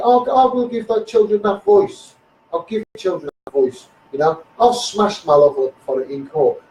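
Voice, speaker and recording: A man's voice: fairly high pitch, a little mellow, distant mic, a little hiss or hum. A man with a Scouse accent ranting heatedly on a live stream, repeating himself and calling the listener mate. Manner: heated, repetitive, keeps saying "mate" and "you know what I mean". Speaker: self-styled campaigner. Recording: echoey room, voice off the mic.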